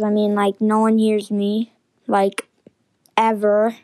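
Woman podcast host, casual rambling delivery full of fillers, slow pace and a fairly high voice. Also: level tone, a little mellow, no echo, low-quality recording.

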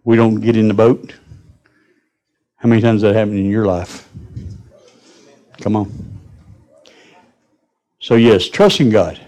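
A man's voice: fairly low pitch, fairly even intonation, slow, long pauses, darkish tone. A man preaching a folksy sermon to his congregation in church. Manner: folksy, addresses the congregation directly. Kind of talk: sermon storytelling.

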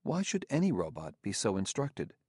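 A man's voice: on the low side, husky, no echo, clean studio sound, full character voice. A man voicing a polite humaniform male robot who speaks evenly and precisely in an audiobook. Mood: calm. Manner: even, precise and unhurried.

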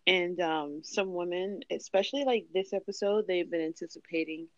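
Podcast host: a chatty, expressive woman, dry and muffled. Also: lowish voice, no echo. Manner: chatty, expressive, quick to laugh. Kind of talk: casual chat.

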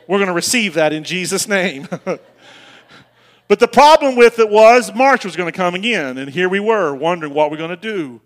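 High-voiced pastor preaching. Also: male voice, expressive, moderate pace. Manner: storytelling, emotional, repeats words, rises to loud passionate bursts. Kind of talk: sermon.

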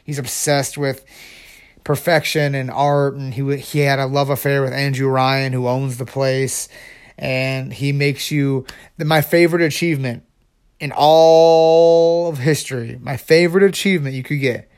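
Un joven que habla con entusiasmo y atropello en un vlog informal, repitiendo palabras y reformulando sobre la marcha. Tiene un tono medio y corriente, y usa muchas muletillas. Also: male voice, mid-range voice, a little slow, smooth. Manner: excited, rambling, with many restarts. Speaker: video creator. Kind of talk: casual ranking vlog.

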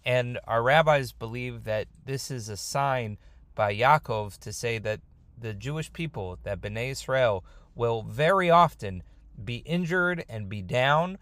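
A man's voice: medium pitch, unhurried, no echo. Man telling a scripture story casually. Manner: conversational, informal, lively retelling. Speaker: Torah storyteller.

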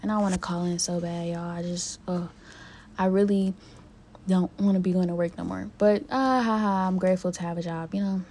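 A woman's voice: lowish voice, fairly even intonation, a little fast, background noise. A young woman hosting her own podcast, speaking in a candid, profane, emotionally raw solo vent to her listeners. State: emotionally hurt, near tears. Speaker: podcast host. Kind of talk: casual solo podcast venting.

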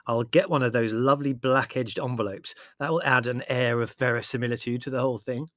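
A man's voice: medium pitch, expressive, moderate pace, no room sound, clean studio sound, voice pushed up, close to an everyday voice. A man voicing a sardonic, theatrical young writer who talks dramatically and sarcastically. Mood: exasperated.

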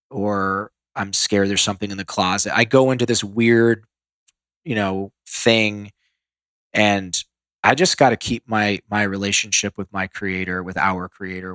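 A man's voice: lowish voice, level tone, normal speed, sharp tone, no echo. A man who is a podcast guest, telling candid stories in a rambling, self-deprecating way with many restarts. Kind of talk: candid storytelling.

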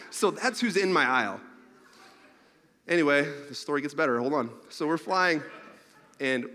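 Animated preacher in a big hall. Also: male voice, fairly high pitch, measured pace, pauses often. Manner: animated, rambling, laughs through his own story. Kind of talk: storytelling sermon to an audience. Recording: long reverb of a large hall.

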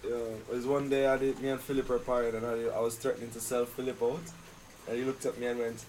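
A man's voice: mid-range voice, little pitch movement, fast, darkish tone, slight background noise, rough recording. A man co-hosting a podcast outdoors at night, trading laid-back, teasing stories. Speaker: podcast co-host. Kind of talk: casual chat among friends.

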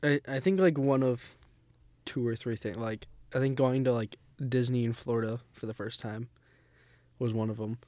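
A young man at an ordinary middle pitch teases his brother and laughs easily. His voice is dry and close, with no room sound. It is a casual podcast chat between the two. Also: normal speed, a little mellow, no echo. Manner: teasing, laughs often. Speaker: podcast co-host.

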